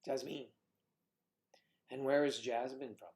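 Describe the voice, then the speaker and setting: This man speaks at medium pitch and normal speed while hosting a casual livestream. He reads out viewers' comments, chats with them, makes playful puns, and occasionally drops into a whisper.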